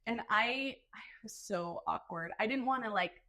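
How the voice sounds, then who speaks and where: A woman's voice: fairly high pitch, lively intonation, normal speed, pushed and bright. A woman guest on a podcast telling stories in a casual chat, laughing often and filling her talk with "like.". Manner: chatty, many "like" fillers, laughs often. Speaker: podcast guest, burlesque performer.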